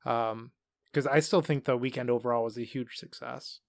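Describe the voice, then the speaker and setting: A man's voice: mid-range voice, fairly even intonation, normal speed, creaky, no room sound, studio quality. A man co-hosting a podcast in easygoing, chatty conversation. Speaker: podcast co-host. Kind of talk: casual chat.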